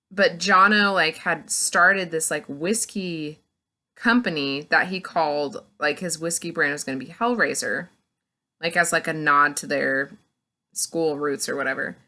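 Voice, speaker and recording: A woman giving a casual, chatty book review, retelling the plot with lots of "like" and quick acted-out bits of dialogue. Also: lowish voice. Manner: chatty and animated, retells scenes in quick acted-out snippets, heavy "like".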